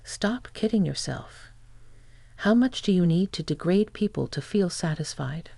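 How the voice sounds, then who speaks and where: A text-to-speech reader voicing a betrayed older mother-in-law who speaks firmly, in a flat delivery. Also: fairly low pitch, a little slow, gravelly, no echo, heavily acted.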